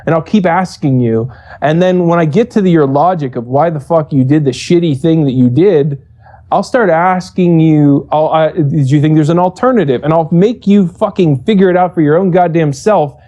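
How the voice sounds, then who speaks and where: Interviewed as an esports coach, a man tells a story casually and animatedly, swearing a lot and acting out quoted exchanges. His voice is fairly high at a normal speed.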